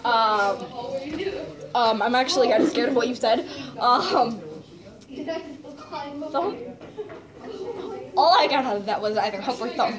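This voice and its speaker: A woman joining a casual vlog game, drawn-out and laughing. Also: fairly high pitch. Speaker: vlog guest. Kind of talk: casual chat. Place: school classroom. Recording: loud crowd chatter behind.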